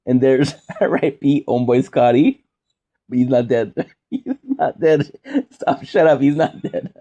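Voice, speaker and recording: A man, talking in a loose, joking monologue and wandering from one tangent to the next. His voice sits at an ordinary male pitch with a warm, mellow tone. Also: a little slow, highs cut off. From Quebec, Canada. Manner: rambling, jokey, goes off on side tangents. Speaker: streamer. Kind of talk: casual rambling monologue.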